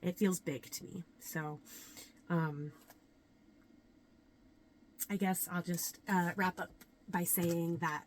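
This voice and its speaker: A woman's voice: fairly low pitch, steady tone, slight background noise. Reflective woman yoga teacher, um-filled. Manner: earnest, reflective, many ums and pauses. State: a little nervous. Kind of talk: casual talk to camera.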